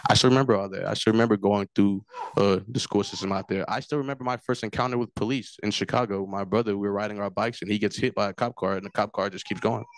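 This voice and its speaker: A man's voice: fairly low pitch, smooth, no echo. A man from Africa giving personal testimony at a forum, telling his story in an earnest way that keeps circling back to what he remembers. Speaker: forum speaker.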